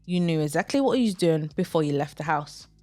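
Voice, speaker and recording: A woman's voice: low-pitched, lively intonation, a little fast, warm tone, soft background music. A woman co-hosting a casual opinion podcast, speaking bluntly in a lecturing tone. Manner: blunt, lecturing, mocks others in quoted voices. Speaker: podcast co-host.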